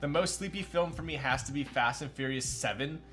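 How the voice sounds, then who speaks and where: A man's voice: a little high, fairly quick. A young man streaming live, chatting casually and joking at his own expense while building a keyboard and answering his chat. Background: faint music.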